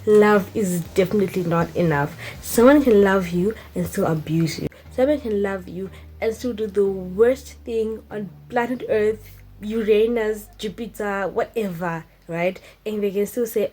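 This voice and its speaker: A young woman talking casually to her vlog viewers in a medium-pitched voice. She is animated and emphatic. Soft music plays faintly in the background. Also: a little slow, poor audio. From Zimbabwe. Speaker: vlogger.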